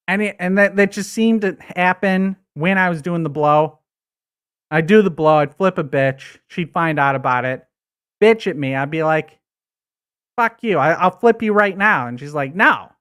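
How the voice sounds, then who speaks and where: A man's voice: a little high, very animated, measured pace, fairly bright tone, smooth. A man doing a coked-up fired actor, drawling. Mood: sleazy. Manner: crude, rambling, stammering. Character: coked-up washed-up male commercial actor, bitter and crude. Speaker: livestream host. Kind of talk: comedic character rant.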